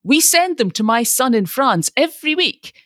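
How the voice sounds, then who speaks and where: A woman's voice: high voice, sing-song, moderate pace, bright, forceful tone, no echo, clean studio sound, voice pushed up, exaggerated voice. A woman reading aloud, voicing a fussy, absent-minded elderly father who talks in a querulous, fretful way.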